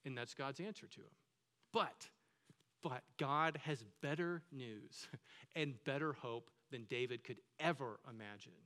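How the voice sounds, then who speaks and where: A man's voice: medium pitch, a little slow, pushed and bright, big-room sound. A man preaching a sermon as pastor, talking conversationally and asking the listeners many questions.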